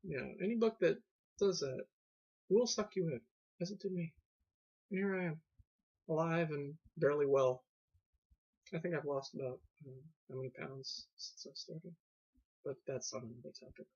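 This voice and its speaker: A man's voice: a little high, normal speed, pauses often, a little mellow, slightly rough. A man casually reviewing books on a vlog, rambling with lots of fillers and sarcastic asides. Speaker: video book reviewer. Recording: dull lo-fi webcam audio.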